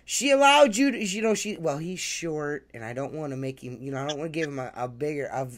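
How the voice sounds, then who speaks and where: A man's voice: a little high, fast, a bit bright. A man co-hosting a casual podcast, teasing his friend with profane banter and frequent laughs. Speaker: podcast co-host.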